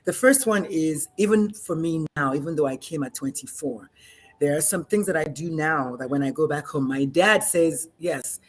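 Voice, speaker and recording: A middle-aged woman from Nigeria speaks in a relaxed conversational way. She tells stories with energy and often slips into the voices of the people she quotes. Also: low-pitched, normal speed, slightly rough. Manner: animated storyteller, acts out quoted voices. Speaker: guest physician. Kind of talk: conversational discussion.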